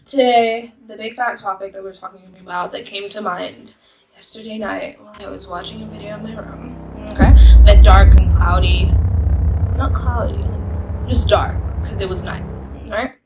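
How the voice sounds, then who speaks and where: Over a loud crowd, a young woman rambles through casual stories to camera, filling them with fillers and giggles. She speaks at normal speed in a medium-pitched, steady voice, captured in a rough recording.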